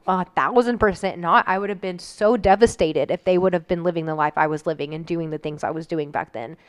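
A woman's voice: lowish voice, clear, resonant tone, lo-fi sound. A woman telling a personal story in casual chat, candid and emotional, with frequent "like" fillers.

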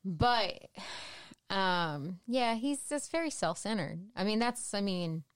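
A woman co-hosting a casual chat, bluntly profane and quick to finish the other speaker's sentences. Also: medium pitch, lively intonation, clear, resonant tone, dry recording, clean studio sound. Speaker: podcast co-host. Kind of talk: casual chat recapping a show.

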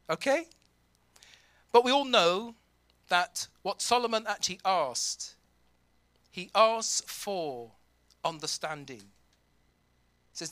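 A pastor preaching a sermon, reading scripture aloud and acting out imagined prayers with plenty of pauses and fillers. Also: male voice, sits high, lively intonation, fairly bright tone, dry recording. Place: church.

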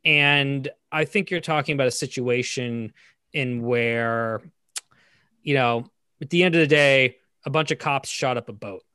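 A man co-hosting a film discussion podcast, talking casually with many fillers and restarts, getting animated as he criticizes. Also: mid-range voice, a little slow, smooth, no echo, studio quality. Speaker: podcast co-host. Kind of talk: casual film review chat.

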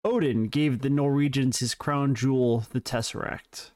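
A man's voice: mid-range voice, steady tone, normal speed, darkish tone. A man co-hosting a podcast, reading prepared facts in casual, joking banter with his co-host. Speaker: podcast co-host presenting trivia.

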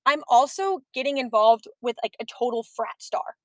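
A young woman co-hosting a podcast, telling stories in a chatty, animated way. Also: on the high side, moderate pace, no room sound. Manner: chatty, storytelling, animated asides. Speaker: podcast co-host. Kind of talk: casual chat.

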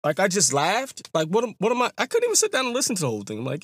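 A man from New York talking casually in a long monologue. He rambles, restarts his sentences often and throws out rhetorical questions in a sing-song, animated way. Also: high-pitched, very fast, breathy edge, no room sound. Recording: hip hop music playing behind.

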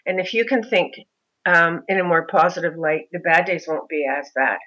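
A middle-aged woman, a mother of a son with a disability, telling her story in an interview in an animated way. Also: on the low side, normal speed, lo-fi sound. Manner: animated, mimics other voices in anecdotes.

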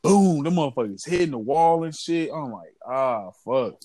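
A man telling a story in casual chat, lively and animated, acting out quotes. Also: fairly high pitch, moderate pace, dry recording.

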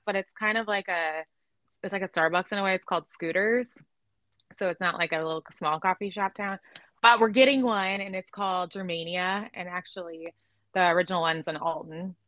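Bright-voiced chatty woman podcaster. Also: mid-range voice, dry recording, poor audio. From Illinois, US. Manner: chatty, laughs often, many fillers. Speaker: podcast host. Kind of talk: casual chat.

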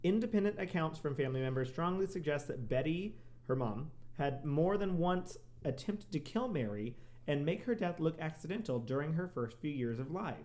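A man's voice: fairly high pitch, lively intonation, moderate pace, darkish tone. A man co-hosting a podcast, reading out a true crime story with joking asides and frequent laughs. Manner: laughs often, joking asides between read facts. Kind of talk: casual podcast chat, reading case notes.

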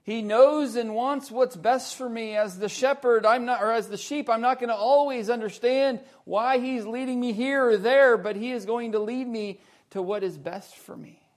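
A man preaching a sermon, slow and deliberate, stressing key words loudly and dropping to hushed low lines.

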